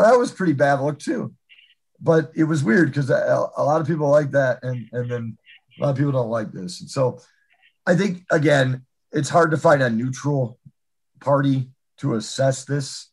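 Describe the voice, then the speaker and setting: Brief: male sports host, husky voice, halting and casual. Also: medium pitch, low-quality recording. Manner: hesitant, filler-heavy.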